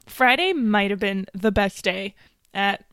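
A woman's voice: medium pitch, unhurried, fairly bright tone, clean tone, no room sound, studio quality. A young woman co-hosting a podcast, telling a story in casual chat, acting out quotes and laughing often. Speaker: podcast co-host.

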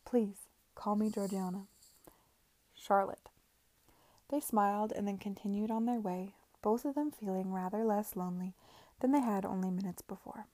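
A woman reading a novel aloud in a soft, unhurried way. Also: medium pitch, no room sound. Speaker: audiobook reader.

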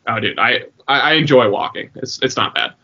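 A young man co-hosting a podcast, telling a story in a rambling, swearing, animated way. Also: medium pitch, fairly quick, gravelly. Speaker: podcast co-host. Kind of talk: casual chat. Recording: dull lo-fi sound.

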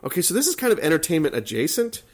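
A man's voice: on the high side, wildly swooping pitch, very fast. A man hosting a casual podcast who reads odd news stories aloud and then drifts into offhand asides. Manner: reads in long runs, then trails off into asides. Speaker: podcast host. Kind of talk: casual chat, reading news items aloud.

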